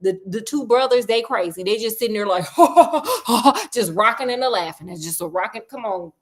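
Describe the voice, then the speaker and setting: A woman retelling a story in a comedic, slangy, animated way, talking straight to her listener. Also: mid-range voice, fast.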